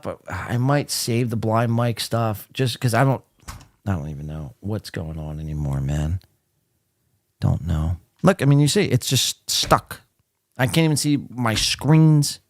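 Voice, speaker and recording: A man's voice: medium pitch, no room sound, clean studio sound. A man hosting a live podcast, talking casually with blunt sarcasm and frequent swearing. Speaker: podcast host.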